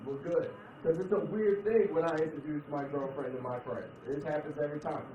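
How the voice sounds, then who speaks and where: A man doing a stand-up comedy set, chatting with the audience and switching between loud put-on voices and low mutters. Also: a little fast. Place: comedy club stage. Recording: echoey club, distant mic, dull sound, crowd laughter.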